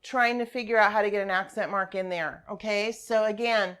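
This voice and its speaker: A woman's voice: medium pitch, steady tone, a little fast, fairly bright tone, clear, resonant tone. A woman teacher giving patient, step-by-step class instructions over a screen share, repeating key points.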